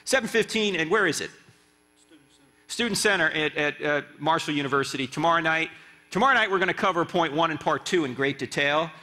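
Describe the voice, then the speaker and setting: Animated man lecturing in a reverberant church. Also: fairly high pitch, fast talker. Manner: animated, asks the crowd rhetorical questions, joking asides. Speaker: guest speaker and apologist. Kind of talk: lively church lecture with audience banter. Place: church sanctuary. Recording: long reverb of a church hall.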